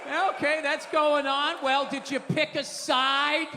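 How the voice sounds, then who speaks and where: A middle-aged man doing a stand-up comedy rant, profane and exasperated, breaking into shouts. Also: very high voice, unhurried, few pauses, a crowd in the background, noisy background. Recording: reverberant theater stage.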